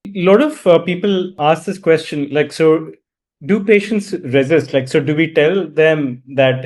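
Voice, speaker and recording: A man's voice: fairly high pitch, darkish tone. A man hosts an interview show. He asks questions in an inquisitive way, often restarting mid-sentence. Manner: inquisitive, halting. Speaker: host.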